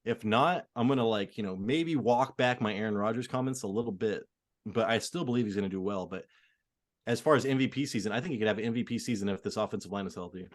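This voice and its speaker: Man chatting football, full of fillers. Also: fairly low pitch. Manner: filler-heavy, quick, opinionated. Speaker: podcast co-host. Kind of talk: casual sports chat.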